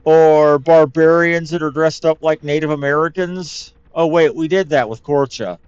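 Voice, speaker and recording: A man's voice: fairly high pitch, normal speed, darkish tone, smooth, dry recording. A man hosting a let's play, giving chatty, wry commentary full of rambling asides. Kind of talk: casual gameplay commentary. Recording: dull lo-fi mic with game music.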